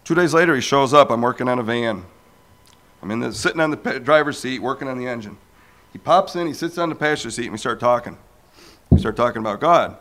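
Man, forties, animated storyteller, personal testimony, mid-pitched voice, acts out quotes. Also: quick pace. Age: 40s. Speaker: speaker sharing a personal testimony.

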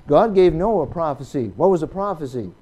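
High-voiced preacher with a mellow tone. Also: male voice, expressive, fairly quick. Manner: asks the congregation questions and rises to loud emphatic peaks. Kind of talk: sermon.

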